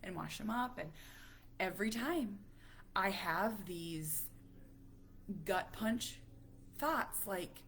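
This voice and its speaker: A woman around forty talking to camera as a parent vlogger, halting and emotional, dropping to a near whisper at heavy moments. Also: medium pitch, animated, fairly bright tone, a little hiss or hum. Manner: halting, emotional, many restarts. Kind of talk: casual talk to camera.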